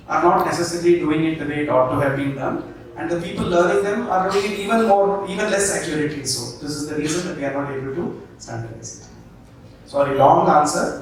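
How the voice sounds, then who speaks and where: A man giving a talk to an audience, teaching and checking in with "okay?" and "right?". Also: a little high. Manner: leads the audience through movement drills. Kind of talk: public talk and panel answer. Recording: very echoey hall, distant mic.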